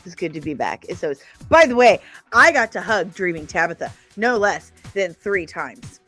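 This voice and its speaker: A woman's voice: on the low side, very animated, normal speed, a bit bright, faint music behind. A woman hosting a livestream in a rambling, chatty way, tired after a long day of travel and laughing often. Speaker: livestream host. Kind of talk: casual chatty stream talk.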